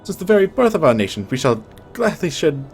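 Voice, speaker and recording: A man acts out a defiant nobleman on trial in a fantasy game, his voice lifted and impassioned. He declaims each line with a lively, rising pitch. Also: a little fast, soft background music. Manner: impassioned, pleading speech. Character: defiant accused male nobleman.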